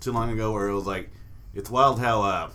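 Man, podcast co-host, fast crude joking chat, lots of swearing. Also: on the low side, pushed and bright, slight background noise. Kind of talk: casual crude banter.

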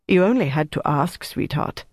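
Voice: mid-range voice, animated, normal speed, slightly rough, no room sound, clean studio sound. An audiobook reader voicing a man disguised as a woman, curt and defensive.

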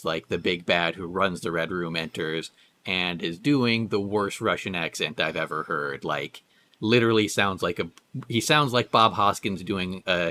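A man co-hosting a podcast, chatting casually about a movie in a halting way, full of restarts and "uh"s. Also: sits low, sharp tone. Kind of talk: casual movie discussion chat.

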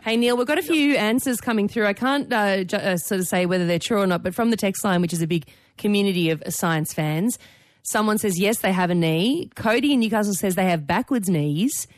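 A woman's voice: medium pitch, brisk, no room sound. Laughing woman radio host. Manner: lively, laughs easily. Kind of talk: call-in radio hosting. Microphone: studio microphone.

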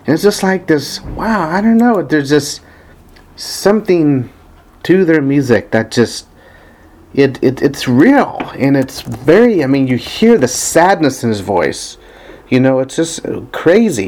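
A man's voice: medium pitch, darkish tone. A man casually talking about a band he loves, hesitant and earnest, with many ums and restarts as he searches for songs. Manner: earnest, enthusiastic fan. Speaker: vlogger discussing a band's music. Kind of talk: casual rambling talk, reading lyrics aloud.

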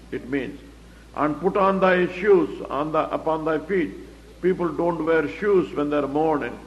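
A man's voice: a little high, unhurried. A man teaching the Bible verse by verse, explaining it plainly and asking rhetorical questions. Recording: echoey hall, dull lo-fi recording.

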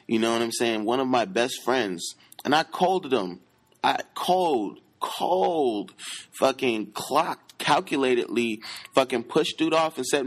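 A man's voice: mid-range voice, expressive, normal speed. A man giving dating advice in a casual monologue, profane and emphatic, who keeps checking in with his listeners.

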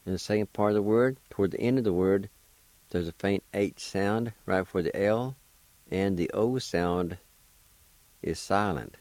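Low-voiced male radio language teacher from Oklahoma, slow and patient, encouraging, dry close sound. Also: dry recording, poor audio. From Oklahoma, United States. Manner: patient, encouraging, gently joking. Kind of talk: slow spelling and pronunciation lesson.

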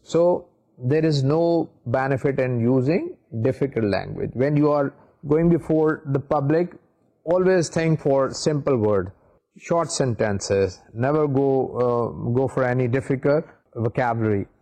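A man giving a recorded university lecture while seated, explaining in a measured way with frequent pauses. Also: mid-range voice, mellow. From Pakistan. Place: seated in a studio.

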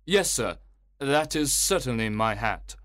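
A man voicing a polite, relieved middle-aged gentleman, eager and courteous, in a storybook reading. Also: medium pitch, lively intonation, a little slow, no echo, studio quality, voice pushed up.

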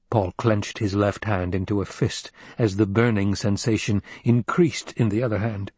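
A man reading a story aloud in a measured, unhurried narration. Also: lowish voice, steady tone, a little mellow, husky, no echo. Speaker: audiobook narrator. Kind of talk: scripted narration.

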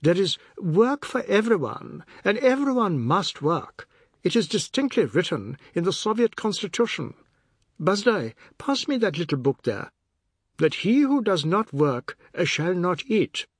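A man's voice: high-pitched, very animated, measured pace, breathy edge, no echo, studio quality, voice pushed up, exaggerated voice. A man reading a novel aloud, voicing a boastful, self-assured man who lectures a family about Russia. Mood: lecturing. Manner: grand, self-assured speechifying.

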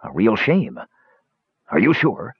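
Sly gruff dwarf, bearded and boastful, as a man puts him on, lively swooping delivery, dull dry recording. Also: lowish voice, slow pace, exaggerated voice. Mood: coaxing. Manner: gruff, calls others laddie.

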